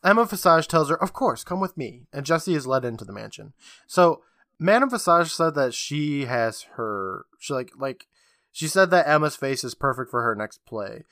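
A man's voice: medium pitch, expressive, normal speed, bright, forceful tone, no echo, studio quality. A man co-hosting a casual podcast, recapping episodes with a chatty manner, acting out quotes and laughing often.

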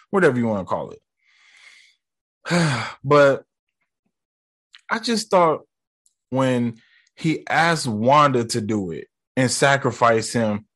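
A male movie vlogger with a medium-pitched, slightly bright voice casually ranks movie moments for his viewers. He talks straight to them in a loose, slangy way and swears a lot.

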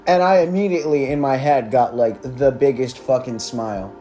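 A man's voice: mid-range voice, moderate pace, mellow, soft background music. A young man hosting a podcast, telling a school story in a casual, sarcastic, profane way with lots of filler words. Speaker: podcast host.

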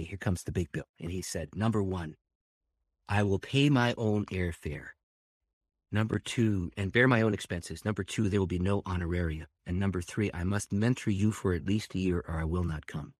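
A man, a pastor, telling a personal story with lots of laughter, dropping to a hush and then rising loud and excited. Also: low-pitched, breathy edge, no room sound, studio quality. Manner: animated storyteller, laughs often, swings between hushed and loud. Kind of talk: storytelling testimony.

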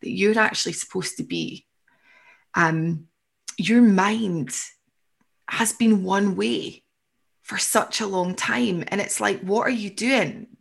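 Woman coach, calm and reassuring, average pitch, reflective delivery. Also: slow, gravelly, pauses often. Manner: reassuring, reflective, voices inner thoughts. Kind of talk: coaching conversation.

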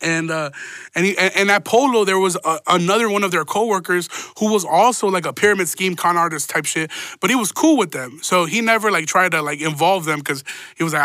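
A man's voice: high voice, brisk, bright, forceful tone, no room sound. A man telling a rambling, profane story in a casual monologue, with laughing asides.

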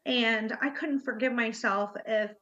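A woman guest telling her own story in an interview, earnest and halting, with many fillers. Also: a little high, steady tone, bright, forceful tone. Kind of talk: personal interview talk. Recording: muffled lo-fi audio.

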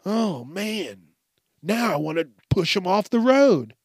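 A man's voice: sits high, slow, breathy edge, dry recording, clean studio sound. Profane ranting podcast host, man. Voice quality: crude, swearing constantly. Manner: animated, mock voices for quoted people. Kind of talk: profane comedic rant.

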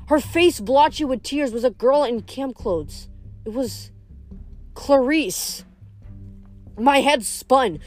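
A woman reading a novel aloud in a plain, steady way, stumbling now and then and correcting herself. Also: fairly high pitch. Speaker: audiobook reader.

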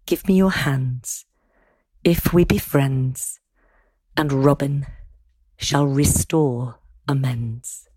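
Puck, a woman reading the gentle sprite. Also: a bass voice, fairly even intonation, very slow, pauses often, husky, no echo, exaggerated voice. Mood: apologetic. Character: Puck, mischievous male sprite making amends. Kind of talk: verse recitation.

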